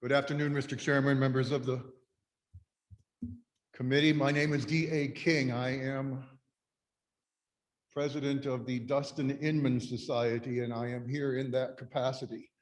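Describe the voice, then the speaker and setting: A man's voice: medium pitch, level tone, moderate pace, pauses often. A man heading an advocacy group, giving pointed, sarcastic testimony to a legislative committee. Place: hearing room. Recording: echoey hall with long reverb.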